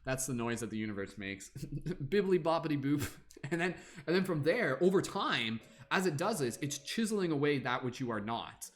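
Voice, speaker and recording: A man's voice: medium pitch, very animated, normal speed, a bit bright. A man giving a casual spiritual talk on a livestream as a tarot reader, rambling with lots of fillers and acting out little voices.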